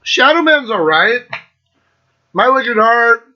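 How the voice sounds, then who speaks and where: A sarcastic, foul-mouthed man with a bright, forceful voice that sits a little high for a man. He rambles through album opinions in a loose, joking chat, heard on a dull, lo-fi recording. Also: expressive, a little slow. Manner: profane, sarcastic, laughs often. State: coughing, throat clearing. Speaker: metal show host. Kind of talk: casual solo chat reviewing albums.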